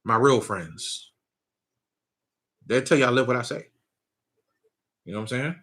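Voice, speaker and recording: Man, bright forceful tone, casual spiritual talk, conversational. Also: medium pitch, fast. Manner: loose, conversational preaching with frequent laughs and "you know what I'm saying". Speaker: spiritual teacher.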